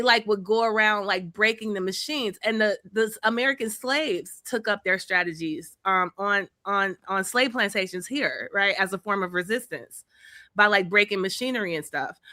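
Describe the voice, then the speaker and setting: A woman's voice: medium pitch, pushed and bright, no room sound, clean studio sound. A woman co-hosting a podcast, explaining history in a casual, chatty way with fillers and the odd swear. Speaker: podcast co-host.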